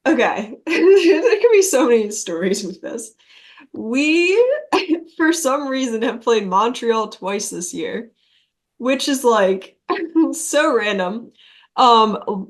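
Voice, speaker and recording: A young adult woman, a touring musician guest, telling road stories in casual chat, laughing often and swearing freely. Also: fairly high pitch.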